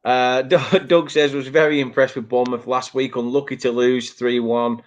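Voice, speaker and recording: A man's voice: mid-range voice, flat delivery, normal speed, highs cut off. A man with a Northern English accent hosting a casual football prediction chat, joking and laughing through banter. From Northern England. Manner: jokey, laughs often, banter. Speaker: show host.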